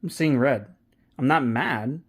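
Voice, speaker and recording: A man's voice: medium pitch, takes it slowly, breathy edge. A man talking casually as an online reseller, candid and profane, rambling with frequent restarts. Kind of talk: casual vlog commentary.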